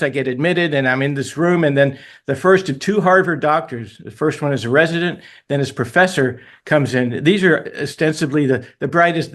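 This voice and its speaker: A middle-aged man, an author guest on a radio interview, telling stories animatedly and laughing at himself. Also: a little high. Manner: animated, tells stories with self-deprecating laughs.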